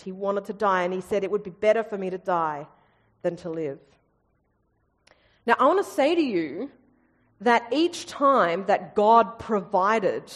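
A woman preaching a sermon, lively and storytelling, with humorous asides. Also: mid-range voice, big-room sound.

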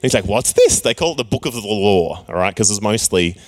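A man's voice: lowish voice, lively intonation, a little fast. A young man preaching a casual youth sermon, playfully acting out characters and joking with his listeners. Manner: playful, acts out characters with jokey voices. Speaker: youth pastor.

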